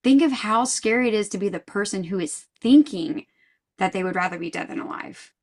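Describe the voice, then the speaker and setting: A woman's voice: medium pitch, lively intonation, brisk. A woman guest in a podcast interview, speaking earnestly and thoughtfully, often restarting her sentences. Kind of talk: casual interview chat.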